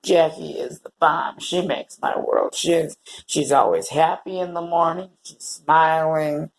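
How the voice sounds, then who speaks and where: A man talking to the camera in a personal vlog, halting and heartfelt, often repeating words as he searches for what to say. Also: a little high, vocal fry. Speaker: vlogger. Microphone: camera held or set facing away.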